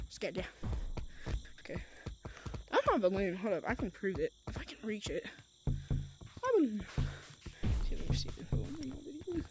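Very animated yet a little slow, a woman with a mid-range voice pauses often as she speaks over a noisy background. She's a gaming vlogger chatting through a headset mic during a VR game, rambling through stories full of fillers.

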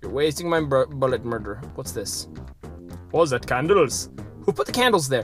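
A let's play host talks through a retro shooter in a casual, goofy way, with a voice that leaps up and down and sudden excited yelps. Silly sound effects and chatter aimed at the enemies fill the gaps, while quiet game music plays behind. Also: mid-range voice, moderate pace. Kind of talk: casual gameplay commentary.

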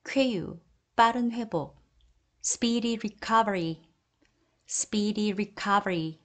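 A woman reads through a vocabulary list at a measured pace. She pairs each Korean term with its English phrase and repeats the English slowly and carefully. Her voice sits at an ordinary middle pitch. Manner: slow deliberate repetition of each English phrase. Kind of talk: word list reading, Korean then English repeated twice.

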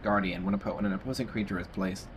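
A man's voice: deep voice, steady tone, fast talker, noisy background. A young man hosting a casual video game playthrough, chatting and reading game text aloud with frequent restarts. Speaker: gaming video host. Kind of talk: casual let's play commentary. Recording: game music behind the voice.

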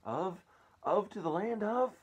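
A man voicing a kind, gentle female ladybird in a read-aloud storybook, speaking calmly and reassuringly. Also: low-pitched, moderate pace, slightly rough, full character voice. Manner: calm, reassuring storybook reading.

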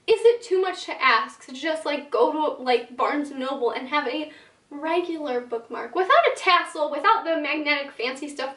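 Young adult woman, book vlogger; high voice, chatty, filler-heavy, dramatic asides; echoey room, mic a little distant. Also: animated, a little slow, sharp tone. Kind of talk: casual talking-to-camera vlog.

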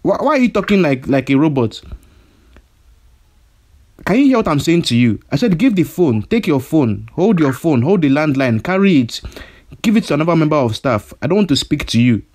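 A man's voice: fairly high pitch, big pitch swings, fast talker, hardly any pauses, darkish tone, pitched above the performer's own voice. A prank caller voicing a hot-headed male kidnapper who stammers and repeats himself, his threats escalating. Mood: furious. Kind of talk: prank phone call.

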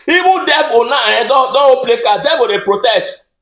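A man with a Nigerian accent doing a rambling comic monologue, speaking excitably and stammering through repeated words. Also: very high-pitched, normal speed, reverberant. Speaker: comedian.

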